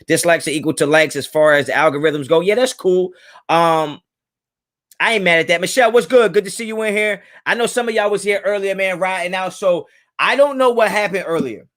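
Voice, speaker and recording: A man's voice: sits high, a little fast, fairly bright tone. Laid-back man chatting on a livestream. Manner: laid-back slangy, greets chatters by name. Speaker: livestream host. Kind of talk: casual livestream chat. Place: home, kids in another room.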